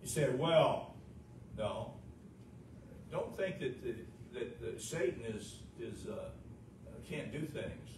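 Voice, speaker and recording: A man's voice: medium pitch, animated, takes it slowly, pauses often, a little mellow. A man pastor preaching a sermon, emphatic, asking the congregation questions. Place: church sanctuary. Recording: echoey room, distant mic, noisy.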